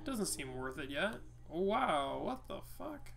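A man giving casual, loud, teasing commentary while playing a card game with a friend, swearing now and then. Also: on the high side, big pitch swings, a little slow, creaky, music in the background. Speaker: card game player and co-host.

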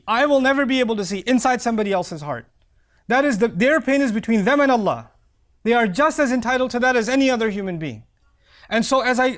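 A middle-aged man giving an earnest, heartfelt sermon, reciting Arabic verses quickly and dropping to soft low tones. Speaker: preacher.

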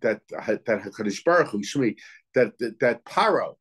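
A man's voice: mid-range voice, lively intonation, normal speed, a bit bright, breathy edge. A man teaching as a rabbi in a Torah lecture. He reasons aloud, asks questions, and often halts to search for words and restart.

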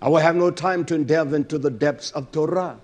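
A man preaching a fervent, scolding sermon, swinging between loud bursts and low murmurs and calling out hallelujah. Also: moderate pace.

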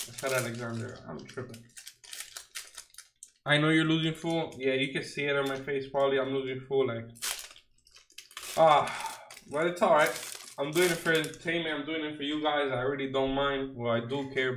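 Recorded with low quality, roomy acoustics and slight background noise, a young man's medium-pitched, somewhat bright voice carries a casual unboxing chat. He's opening trading card packs on a stream, talking in slang and joking with mock outrage over what he pulls.

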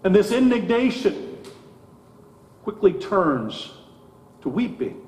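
A man delivers a sermon at a slow, deliberate pace, leaning into emphatic rises on key phrases. His voice sits a little high for a man. It rings out with the long reverb of a church sanctuary. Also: sing-song, darkish tone. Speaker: pastor. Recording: echoey church hall.

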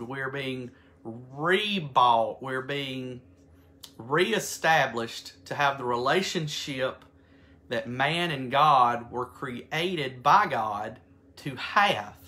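A man teaches a Bible study at an unhurried pace, leaning into key words as he reads scripture aloud. His voice is bright and clear, and he stops and restarts now and then while working through his notes. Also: mid-range voice. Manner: earnest, reads scripture aloud slowly with emphasis.

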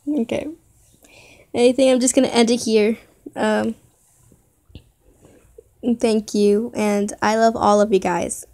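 A woman vlogger speaks slowly, her voice wavering with tears as she giggles and stumbles through thanks to her viewers. Her pitch sits in an ordinary middle range. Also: fairly even intonation, vocal fry, mellow. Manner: tearful, giggly, halting. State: crying. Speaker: youtuber. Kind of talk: reaction video chat.

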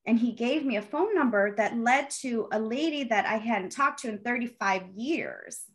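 A middle-aged woman, a panel guest, earnestly recounting her family history with animated retelling. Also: fairly high pitch, moderate pace. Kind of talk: personal storytelling.

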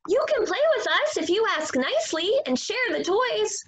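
A woman voicing a small, polite male pig in a storybook, talking in a quick, coaxing way. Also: extremely high pitch, big pitch swings, voice pushed up.

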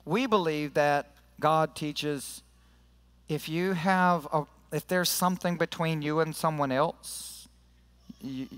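A man's voice: a little high, a bit bright, in a large hall. A man preaching a sermon to his church in an earnest, conversational way, leading prayer and scripture reading. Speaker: pastor. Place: church sanctuary.

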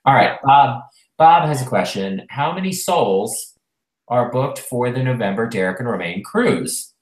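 A man's voice: mid-range voice, lively intonation, normal speed. A man co-hosting a casual talk show, chatting and rambling with lots of fillers. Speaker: podcast co-host. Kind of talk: casual chat. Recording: roomy echo.

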